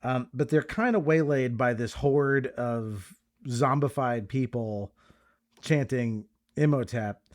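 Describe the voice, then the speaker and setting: A man guesting on a podcast who retells scenes in a loose, easygoing way and leans on fillers. His voice sits at a middle pitch. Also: takes it slowly. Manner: relaxed recapping, many fillers. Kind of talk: casual movie discussion.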